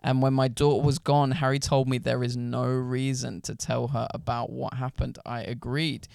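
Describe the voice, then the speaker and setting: A young man with a gravelly, creaky edge to his middle-pitched voice, hosting a casual podcast. He reads a story aloud and keeps breaking off for crude, joking banter. The sound is dry and close. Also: little pitch movement, moderate pace, darkish tone, dry recording. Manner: banter, laughs often, crude slang. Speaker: podcast host. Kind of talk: casual chat, reading stories aloud.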